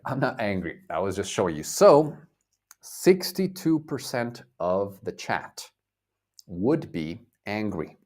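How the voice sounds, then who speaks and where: American guy teaching english live, low voice, real slow, repeats everything, lots of ups and downs. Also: darkish tone. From United States. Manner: slow, clear teacher talk, repeating words and acting out feelings. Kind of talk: live online English lesson.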